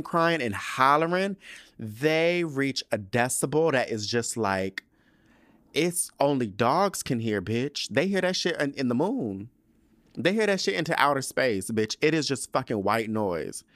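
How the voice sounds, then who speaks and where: A man's voice: medium pitch, fairly bright tone, no echo. A young man hosting a podcast in a casual solo chat, rambling, profane and prone to tangents. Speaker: podcast host.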